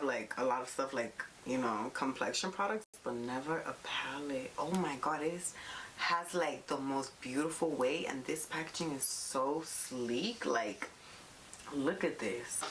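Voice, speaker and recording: A young adult beauty vlogger gushes playfully through a casual at-home unboxing, calling her viewers "you guys." Her voice is extremely low and unhurried, with steady background noise and clicks on the recording.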